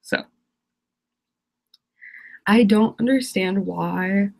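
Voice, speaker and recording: A woman's voice: mid-range voice, very slow, creaky, darkish tone. A teenage girl ranting on a live stream, exasperated and rambling, laughing often. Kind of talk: casual live-stream rant.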